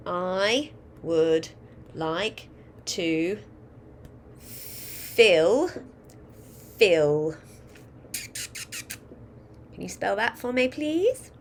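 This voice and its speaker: A woman's voice: a little high, a little hiss or hum. A woman teaching a phonics lesson, patiently dictating a sentence word by word and coaching children on spelling. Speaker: primary school teacher.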